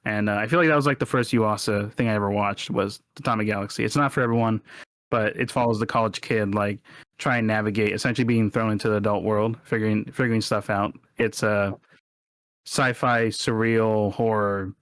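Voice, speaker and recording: A man's voice: lowish voice, steady tone, a little fast, fairly bright tone, dry recording. Rambling man on a podcast. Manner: rambling, self-correcting, laughs often. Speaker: podcast co-host. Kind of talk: casual chat.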